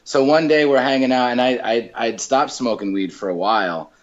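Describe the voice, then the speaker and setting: A man tells stories in a loose, casual chat, stacking up fillers and false starts as he goes. His voice sits at an ordinary pitch for a man. The recording sounds somewhat dull and muffled. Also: normal speed. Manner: animated storyteller, many fillers and restarts. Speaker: comedian guest.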